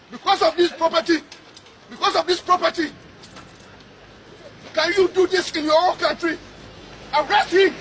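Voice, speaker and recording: A man's voice: very high voice, bright, forceful tone. A man, a public official, angrily rebuking people outdoors by a road, repeating his phrases in indignation. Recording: noisy outdoor archive clip.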